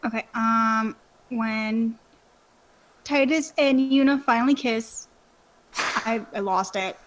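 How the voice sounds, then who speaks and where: A young woman co-hosting a gaming podcast, excitable and giggly, with short remarks. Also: fairly high pitch, takes it slowly, a little hiss or hum. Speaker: podcast co-host. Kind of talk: casual gaming chat.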